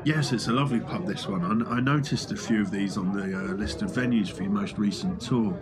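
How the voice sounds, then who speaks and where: A man's voice: on the low side, fairly quick, a crowd in the background, lightly acted. A man voicing a polite male documentary interviewer asking pointed questions. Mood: probing. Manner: politely probing.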